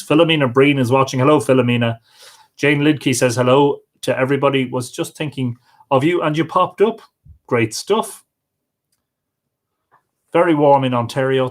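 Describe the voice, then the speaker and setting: Man greeting livestream viewers. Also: medium pitch. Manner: friendly, greets viewers by name. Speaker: livestream host. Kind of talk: casual chat reading out viewer comments.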